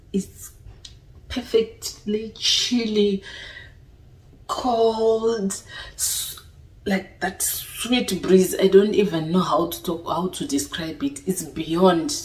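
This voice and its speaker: A young woman vlogger chats casually to camera, often checking with her viewers by asking "you understand?". Her fairly low, slightly mellow voice is picked up by a distant mic, so it sounds a little off-mic with roomy echo.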